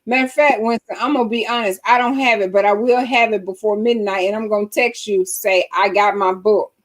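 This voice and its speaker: A woman hosting a live-stream talk show, chatting casually in a lively, laughing, preacher-like way. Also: medium pitch, a little fast. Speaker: host.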